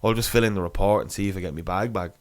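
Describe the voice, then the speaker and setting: Laughing, rambling lad. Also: male voice, low-pitched, very fast. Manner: rambling, swears a lot, laughs often. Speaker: podcast co-host. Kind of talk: casual chat, storytelling.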